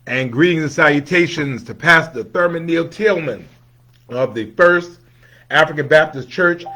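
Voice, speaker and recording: A man's voice: animated, unhurried. Upbeat man greeting viewers by name. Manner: swings between bright calls and low mumbled asides. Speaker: livestream host. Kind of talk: casual livestream greetings.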